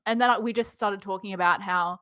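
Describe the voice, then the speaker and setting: Young woman podcast host, bright voice, dry close sound, chatty and animated. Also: mid-range voice, brisk, smooth, no echo. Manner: lively storyteller, laughs through anecdotes. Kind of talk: casual chat.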